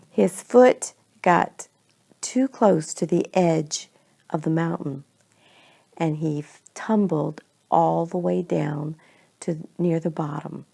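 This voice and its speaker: A woman telling a homey family story in an unhurried, conversational way. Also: sits low, creaky, warm tone, slightly rough. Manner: homey, unhurried, slips between we and they. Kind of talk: storytelling to children.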